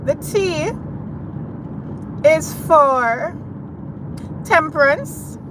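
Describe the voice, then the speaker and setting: A woman's voice: sits high, animated, very slow. A woman with a Jamaican accent hosting a casual live stream from her car, talking straight to her viewers. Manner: chatty, addresses viewers directly. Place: in a car while driving. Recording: car and road noise.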